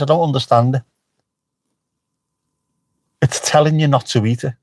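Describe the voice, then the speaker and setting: A man's voice: mid-range voice, steady tone, unhurried, long pauses, no echo. A middle-aged man chatting casually on a livestream, joking and swearing freely as he answers the chat. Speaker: livestream host. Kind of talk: casual live-stream chat.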